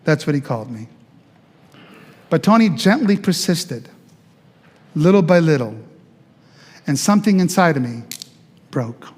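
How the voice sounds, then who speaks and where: Male pastor, sermon testimony, lively storyteller, somewhat high voice, long reverb of a church hall. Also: a little slow, pauses often. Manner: animated storyteller, acts out quoted voices. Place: church sanctuary.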